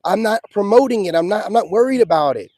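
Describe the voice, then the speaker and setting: Blunt ranting man, mellow voice. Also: high-pitched, lively intonation, fast, no room sound. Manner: blunt, confrontational, preachy; slangy street talk, repeats "you know what I'm saying". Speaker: self-styled spiritual coach. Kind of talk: ranting monologue to viewers.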